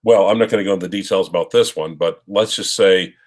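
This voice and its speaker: Low-voiced man giving rambling advice. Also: fast talker. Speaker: co-host of a watch live stream. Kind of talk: casual live-stream chat.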